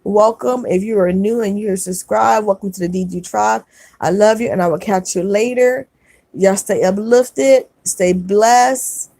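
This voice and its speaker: A woman hosting a livestream, reading chat comments aloud and gently consoling viewers, often repeating her words. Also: mid-range voice, fairly even intonation, measured pace, gravelly, dry recording. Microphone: phone.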